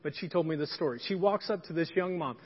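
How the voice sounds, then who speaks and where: A man's voice: on the high side, quick pace, slightly rough. A man preaching a sermon, telling a story in a conversational, folksy and emphatic way. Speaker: pastor. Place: church sanctuary. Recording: dull lo-fi sound with long hall reverb.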